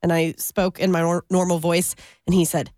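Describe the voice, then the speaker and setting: A woman's voice: lowish voice, level tone, normal speed, a little mellow, no room sound. A woman radio host chatting casually on a podcast, self-deprecating and easygoing, talking into a studio microphone.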